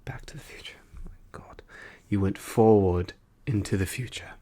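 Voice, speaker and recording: A man voicing a male trickster god turned weary file clerk, in soft, wry whispered role-play. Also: fairly low pitch, steady tone, slow. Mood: musing whisper. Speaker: ASMR performer.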